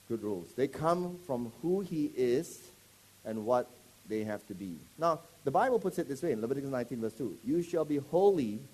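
Animated preacher. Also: male voice, mid-range voice. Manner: animated, mock-serious, often shouting. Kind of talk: sermon with comic role-play.

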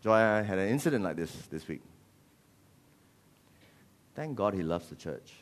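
A man preaching a sermon as pastor, animated and jokey. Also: lowish voice, unhurried. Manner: animated, jokey, switches into voices.

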